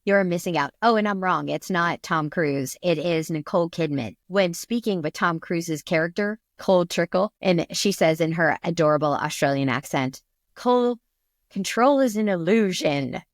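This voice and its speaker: A woman's voice: fairly low pitch, moderate pace, hardly any pauses, no echo, studio quality. A woman co-hosting a podcast, chatting playfully, quoting films and swearing casually. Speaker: podcast co-host. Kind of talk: casual chat.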